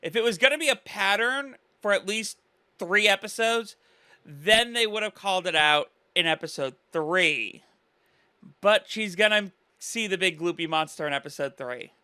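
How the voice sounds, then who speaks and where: Reaction commentator, male, high and very bright voice, earnest and rambling, dry close sound. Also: normal speed, clean tone, dry recording. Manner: earnest, rambling, full of "you know" and "like".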